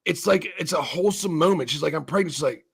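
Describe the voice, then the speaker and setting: A man's voice: on the high side, fast talker, creaky, slightly rough. A man hosting a casual talk show, rambling profanely with many restarts as he argues his point. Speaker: podcast host. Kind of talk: casual chat.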